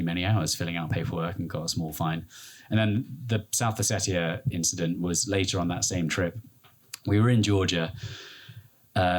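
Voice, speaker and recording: A low-pitched man from Britain tells a long adventure story as a guest in a live interview. He rambles with false starts and puts on voices for the people he quotes. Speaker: explorer and podcast guest.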